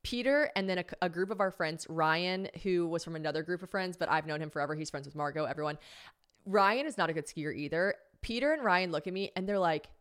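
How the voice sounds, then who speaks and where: A woman hosting a podcast, telling a comic story in a casual, animated way, swearing freely, mocking herself and acting out what people said. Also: fairly low pitch, a little fast, clear, resonant tone. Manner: animated, swearing, self-mocking, acts out quotes. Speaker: podcast host.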